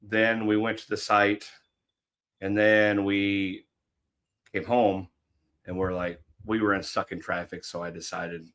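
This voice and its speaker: A man's voice: fairly low pitch, level tone, takes it slowly, a bit bright. A middle-aged man co-hosting a livestream, rambling and joking in casual chat with viewers and his partner. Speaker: livestream co-host.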